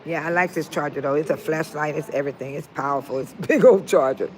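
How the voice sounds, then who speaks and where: A woman's voice: low voice, fast, a crowd in the background. An older retired woman chatting casually with viewers on a phone livestream, laughing often and talking straight to them. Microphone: phone held close to the face.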